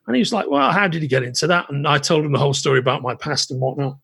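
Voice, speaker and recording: A British man hosting a podcast, telling a long anecdote in an animated way with lots of restarts. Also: fairly high pitch, racing, creaky, breathy edge, dry recording. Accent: British English. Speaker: podcast host. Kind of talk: casual storytelling chat.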